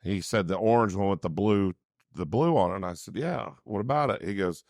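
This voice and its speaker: A male co-host with a lowish voice, close and dry on the mic. He spins folksy anecdotes, playing out each side of the conversation as he goes. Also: lively intonation, brisk, darkish tone, no echo. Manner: folksy anecdote teller who acts out dialogue. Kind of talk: casual talk show chat.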